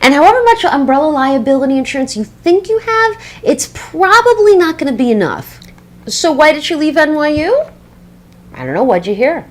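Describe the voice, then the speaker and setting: A woman's voice: a little high, close to an everyday voice. An actress playing a young catty woman who sabotages her former employee with gushing, backhanded praise over the phone. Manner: sweetly sarcastic, gushing, backhanded. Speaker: former boss giving a job reference by phone. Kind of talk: scripted comedy monologue.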